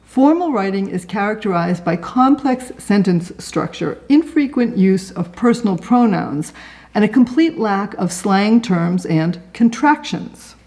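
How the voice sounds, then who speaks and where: A woman's voice: medium pitch, expressive, a little slow, a little mellow. A woman teaching writing in a casual instructional talk, chatting conversationally and asking the listener rhetorical questions.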